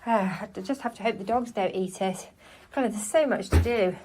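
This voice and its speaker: A home cleaning vlogger chats casually as she cleans her house indoors, slightly out of breath and a bit scattered as she narrates each task. Her mid-range voice is a little fast and a little mellow, with slight background noise.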